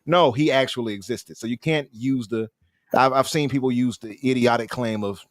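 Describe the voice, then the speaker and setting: A man's voice: mid-range voice, normal speed, dry recording. Opinionated man on a podcast, dry sound. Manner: opinionated, animated, frequent restarts. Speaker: podcast host. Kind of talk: casual podcast chat.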